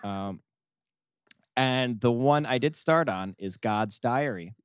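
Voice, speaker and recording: A man's voice: mid-range voice, slow pace, smooth, no echo, studio quality. A man co-hosting a casual chat, hesitant, with many fillers, laughing easily.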